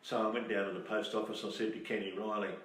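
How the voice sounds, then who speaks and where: A man's voice: on the low side, level tone, fast talker, a bit bright. An older Australian man telling rambling, chatty anecdotes and laughing at old memories. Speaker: storyteller. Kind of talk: casual reminiscing. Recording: distant mic in echoey room, faint hiss.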